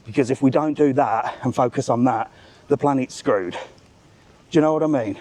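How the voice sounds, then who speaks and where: A man hosting a live travel vlog, telling a story as an animated, swearing rant while walking outdoors. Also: mid-range voice, moderate pace. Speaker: travel vlogger, live stream host. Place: outdoors among bars and restaurants.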